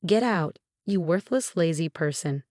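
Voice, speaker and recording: A woman voicing a spoiled, haughty young woman who turns shrill and pleading, in a storybook video. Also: expressive, measured pace, darkish tone, no echo, studio quality. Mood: scornful.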